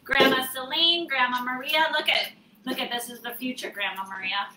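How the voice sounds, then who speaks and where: A woman's voice: high voice, moderate pace, pushed and bright, slight background noise. A woman hosting a live sale stream, chatting cheerfully as she mixes a drink. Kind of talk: casual live-stream chat. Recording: roomy echo, from a distance.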